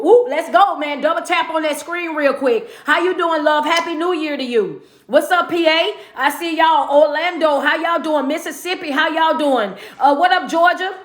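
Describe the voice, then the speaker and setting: A woman's voice: sits high, moderate pace, hardly any pauses, fairly bright tone. A woman, a motivational speaker, hosting a casual livestream and calling out hyped greetings to her viewers. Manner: hyped, calls out to viewers by place. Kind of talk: casual livestream shout-outs. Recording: echoey room.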